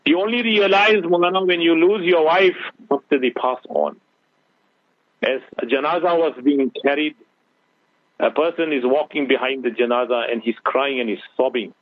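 A husky, dry man's voice comes down a tinny phone line, a scholar preaching earnestly to radio listeners. He slips Urdu phrases in among his advice. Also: fairly high pitch, fairly even intonation, moderate pace, dry recording. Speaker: guest Islamic scholar. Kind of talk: radio talk show advice.

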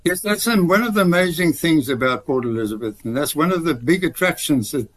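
A man's voice: fairly high pitch, lively intonation, brisk, rough recording. A retired man telling stories as a radio guest, rambling with many restarts. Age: older. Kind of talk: radio interview.

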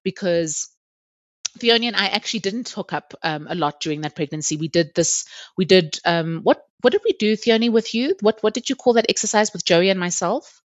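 A woman's voice: medium pitch, lively intonation, brisk, dry recording. Woman in her thirties, podcast guest, candid storyteller who laughs often, dry and slightly dull lo-fi sound. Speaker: interview guest. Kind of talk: personal storytelling in a podcast chat.

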